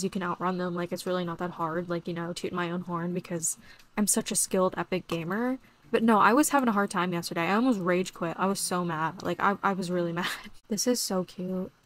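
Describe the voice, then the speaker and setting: Excitable young woman gushing over a game. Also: medium pitch. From Florida. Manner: excitable, gushing, chatty with frequent "like" and "oh my god". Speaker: gaming video host. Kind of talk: casual gameplay commentary.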